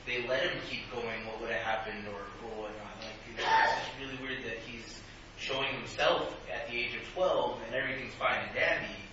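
A man in a group Bible study, speaking informally with many fillers. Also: mid-range voice. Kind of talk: casual group discussion. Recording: distant, echoey, muffled room recording with noise.

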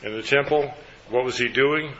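A man's voice: mid-range voice, moderate pace, fairly bright tone, dull audio. A man leading a group Bible study, asking the group questions and then recapping their answers.

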